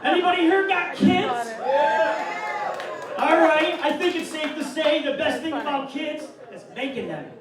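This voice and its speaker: Man, stand-up comedian, from upstate New York, brash, bawdy, lively swings in pitch, echoey club, distant mic. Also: a little slow, crowd noise. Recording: echoey club mic'd from afar.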